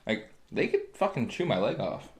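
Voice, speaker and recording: A lower-voiced man co-hosting a casual podcast, blunt and full of swearing. He tells his stories bluntly, and the room around him rings with a noticeable echo. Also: sing-song, moderate pace. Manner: profane, blunt storytelling. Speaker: podcast co-host.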